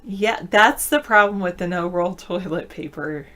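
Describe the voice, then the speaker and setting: A woman's voice: on the low side, unhurried, fairly bright tone. Chatty woman host reading chat comments. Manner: chatty, reads viewer comments aloud and answers them; laughs often mid-sentence. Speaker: show host. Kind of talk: casual live video-chat talk.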